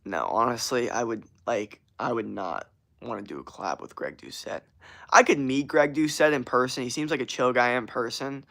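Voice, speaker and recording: A man's voice: mid-range voice, normal speed, gravelly, a bit bright. Rambling, profane young man streamer. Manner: rambling, profane, slangy, laughs often. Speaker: streamer answering chat. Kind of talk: casual livestream chat.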